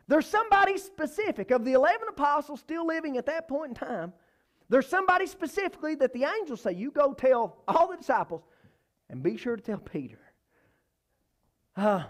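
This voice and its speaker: A man preaching a church sermon, emphatic, repeating phrases and swinging between loud and soft. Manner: emphatic, repeats phrases, rises and falls in pitch and volume.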